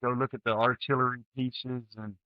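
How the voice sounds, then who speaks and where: A man's voice: mid-range voice, moderate pace, no room sound, lo-fi sound. A retired Army sergeant, a man in his forties, telling his service stories bluntly and with plenty of swearing in a candid interview. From United States. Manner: blunt, profane, storytelling with animated quoted outbursts. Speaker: guest, retired Army sergeant first class.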